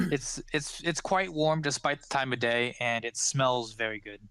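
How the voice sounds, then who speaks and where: A man narrating as game master of a tabletop game, animated and rambling. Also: medium pitch, unhurried, smooth, dry recording.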